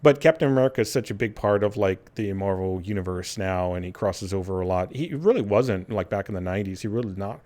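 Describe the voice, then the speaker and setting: A man's voice: lowish voice, fast, few pauses, a little mellow. A man hosting a gaming podcast in casual chat. He laughs often and acts out quotes in silly voices. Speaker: podcast host.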